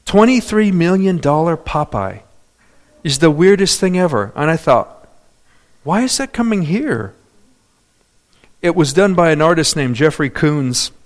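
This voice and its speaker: A male preacher delivering a sermon, swinging between loud, drawn-out declarations and hushed, soft-spoken asides. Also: on the high side.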